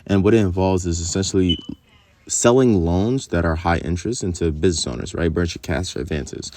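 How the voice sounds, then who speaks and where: A man's voice: low-pitched, a little mellow, dry recording, studio quality. A young man telling a long, rambling story in casual, profane vlog talk, full of fillers.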